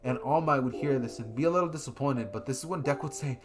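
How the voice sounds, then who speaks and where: A man's voice: mid-range voice, fast, few pauses. A man casually narrating an improvised fan story, rambling and correcting himself as he goes. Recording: guitar music playing behind.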